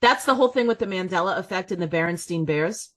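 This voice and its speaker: A woman co-hosting a podcast in casual chat, talking in an animated, emphatic way. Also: fairly low pitch, quick pace. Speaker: podcast co-host.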